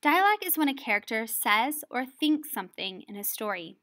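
A woman's voice: fairly high pitch, sing-song, fairly quick, a bit bright. A woman teaching a writing lesson on dialogue, explaining step by step and often checking in with "right?". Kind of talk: recorded lesson video.

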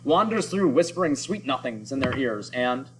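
A stern, impatient starship captain, voiced by a man reading a story aloud. He talks in clipped, scornful bursts and brushes off whatever he is told. The voice is mid-pitched, with a faint background noise. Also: big pitch swings, normal speed, natural voice, rough recording.

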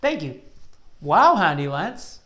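A woman's voice: deep voice, very animated, slow pace, a bit bright. Upbeat woman teaching kids Bible verses. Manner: upbeat, encouraging, theatrically exasperated. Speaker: Sunday school teacher. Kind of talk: children's Bible lesson.

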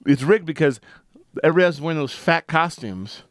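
A man's voice: fairly high pitch, expressive, brisk. A man co-hosting a podcast who jokes around and laughs often while chatting about a movie. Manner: jokey, slips into silly bits, laughs a lot. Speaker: podcast co-host. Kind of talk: casual movie chat.

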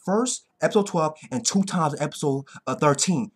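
A man's voice: a little high, expressive, fairly quick, few pauses, breathy edge. Hyped, swearing man recapping anime. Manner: hyped, slangy, swears a lot. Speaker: anime reaction vlogger. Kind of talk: excited casual recap.

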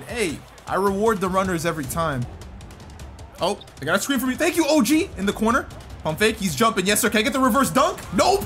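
Young man, gaming commentary, excitable, shouts at plays, high voice, music behind. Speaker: gaming YouTuber. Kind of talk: video game commentary. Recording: game music playing behind.

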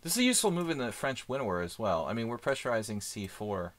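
A man streaming live chess, thinking aloud in casual commentary with many fillers and pauses. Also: mid-range voice, big pitch swings, a bit bright.

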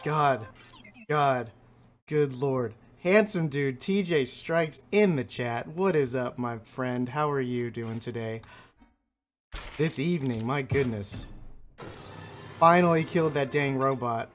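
A man's voice: a little high, expressive, normal speed. Chatty male streamer over faint game music. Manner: reads game text aloud between chatty reactions. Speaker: streamer playing a card game. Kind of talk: casual let's-play commentary with chat.

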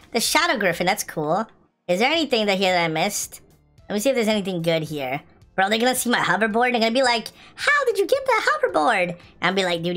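A young adult woman giving casual gameplay commentary, pleading for good loot, complaining and then cheering. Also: a little high. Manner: excitable, pleading, complains then shouts with joy. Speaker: gaming video host. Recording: light music in the background.

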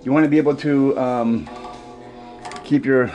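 A man rambles to his camera in a casual vlog, stumbling over his words and repeating himself as he goes. His voice sits at an ordinary middle pitch, with faint music playing behind him. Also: fairly even intonation, dull audio. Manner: halting, repeats words, many fillers. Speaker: vlogger.

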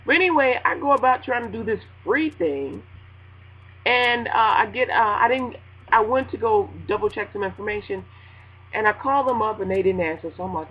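A woman radio host ranting casually to her listeners, animated and laughing, acting out a phone call in a high voice. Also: moderate pace, slightly rough. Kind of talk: casual spoken rant.

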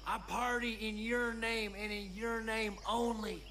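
An actor playing a rowdy young redneck party dude who rambles with goofy bravado in a drawl. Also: male voice, high-pitched, level tone, a little slow, exaggerated voice. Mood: rambling. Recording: game audio with loud background noise.

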